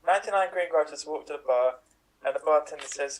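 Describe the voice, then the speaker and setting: A man performing in an improv comedy show, rattling off quick one-liner jokes. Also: on the high side, rough recording. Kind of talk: quick-fire improv joke telling.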